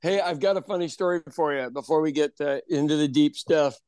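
Animated man about sixty telling stories. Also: fairly high pitch, fairly quick, clear, resonant tone, no room sound, studio quality. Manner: animated storyteller, laughs often. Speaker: podcast co-host, pub owner. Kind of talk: casual chat.

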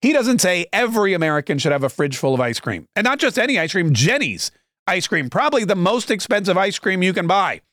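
A male podcast host delivers a sarcastic, emphatic political monologue into a close studio mic. His voice sits a little high for a man, and the room adds no echo at all. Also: sing-song, brisk, a bit bright.

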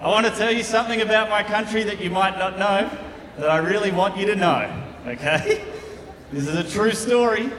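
A man's voice: sits high, moderate pace, fairly bright tone. A man with an Australian accent doing a friendly stand-up set on a club stage. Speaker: stand-up comedian. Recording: echoey live room with long reverb and faint crowd.

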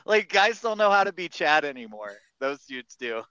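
A man's voice: fairly high pitch, sing-song, moderate pace, sharp tone, clean tone, no room sound. A man in casual podcast chat, talking in a meandering, hesitant way. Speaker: podcast co-host or guest. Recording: dull, dry lo-fi mic.

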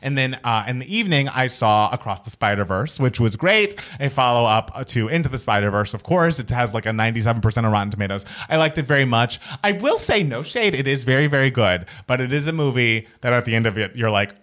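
A young adult man co-hosting a podcast, telling stories in a playful, animated way with campy asides. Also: medium pitch, quick pace, hardly any pauses. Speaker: podcast co-host. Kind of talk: casual chat.

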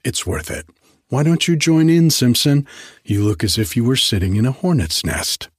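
A man voicing a boisterous young male medical student who mocks and teases loudly. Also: mid-range voice, normal speed, slightly rough, no room sound, clean studio sound, voice pushed up. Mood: taunting. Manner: loud, mocking, excitable.

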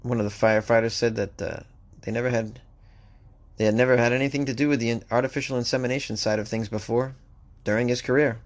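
A man hosting a comedic news talk show, reading strange stories aloud before riffing on them. His voice sits at a middle pitch. He delivers wry, joking asides in a casual tone. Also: fairly even intonation, quick pace. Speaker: podcast host.

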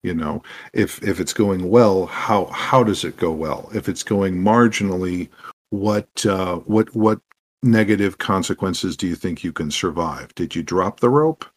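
A man telling animated stories as a podcast guest about running tabletop games, acting out what his players said. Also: low voice, a little slow. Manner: animated, acts out quoted players. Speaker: podcast guest, game master. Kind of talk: anecdotal interview storytelling.

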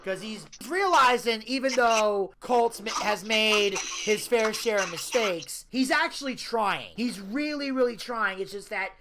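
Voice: mid-range voice, lively intonation, a little slow, few pauses, fairly bright tone, a little hiss or hum. Rambling TV-recap podcast host. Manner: rambling plot summary with asides. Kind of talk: casual recap of a TV show.

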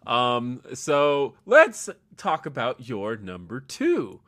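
A man's voice: medium pitch, huge pitch swings, slow, fairly bright tone. A man co-hosting a podcast in a casual, easygoing chat, joking and giving short agreeing replies. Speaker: podcast co-host.

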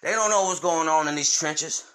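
High-voiced man ranting angrily. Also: moderate pace, a bit bright. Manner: heated, profane, confrontational. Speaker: podcast host. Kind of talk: podcast rant.

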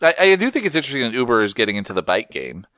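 Lively jokey man on a podcast. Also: medium pitch, no echo. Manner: playful, jokey, swearing, quick riffs. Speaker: co-host. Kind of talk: casual podcast chat.

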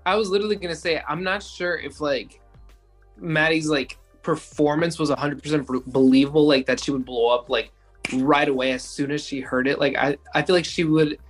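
Man, slightly high voice, hesitant, casual podcast chat. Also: steady tone, a little fast, soft background music. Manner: hesitant, full of "like". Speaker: podcast co-host.

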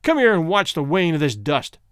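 Man voicing a hot-tempered jealous man, contemptuous, forceful, lively pitch, dry close sound. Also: a little fast, clean tone, dry recording. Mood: bitter contemptuous. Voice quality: forceful, blustering. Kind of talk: audiobook character voice.

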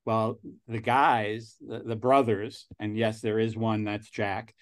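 A man's voice: fairly low pitch, little pitch movement, slow. A man in his sixties with a New York accent, a guest talking casually in an interview and rambling with frequent restarts. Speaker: angel investor guest.

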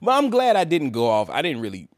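Man, podcast co-host, lively swinging pitch, laughing through a story, dry close sound. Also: fast, no room sound. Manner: animated, laughing, acts out quotes. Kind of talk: casual storytelling chat.

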